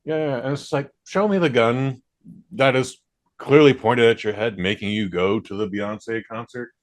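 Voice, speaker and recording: A man's voice: medium pitch, normal speed. A man hosting a podcast, chatting casually and ranting with plenty of swearing. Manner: ranting, profane. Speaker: podcast host. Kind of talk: casual chat.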